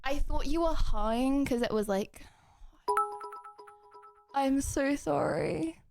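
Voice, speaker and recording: High-voiced excitable young woman streamer. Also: slow pace, gravelly, over music. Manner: excitable, rambling, apologetic. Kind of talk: casual livestream chat.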